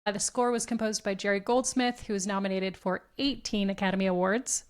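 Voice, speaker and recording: A woman's voice: mid-range voice, steady tone, fairly quick, smooth. Female podcast cohost, running through facts, light laughs. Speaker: podcast co-host presenting film facts. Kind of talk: casual chat.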